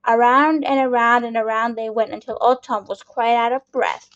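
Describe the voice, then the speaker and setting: A woman reading a children's picture book aloud, slowly and patiently, with small slips and restarts. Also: a little high. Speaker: storyteller. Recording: dull lo-fi recording.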